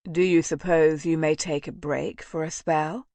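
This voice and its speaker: A woman voicing a tender, ardent gentleman marquis who speaks in a low, intimate murmur. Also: steady tone, unhurried, no room sound.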